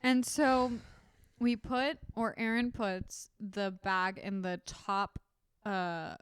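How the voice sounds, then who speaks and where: A woman co-hosting a casual podcast, her voice smooth and clear. The sound is dry and close, with no room around it. She talks in a chatty, teasing way and often trails off mid-sentence. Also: mid-range voice, fairly even intonation, slow pace, dry recording. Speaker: podcast co-host. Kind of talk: casual chat.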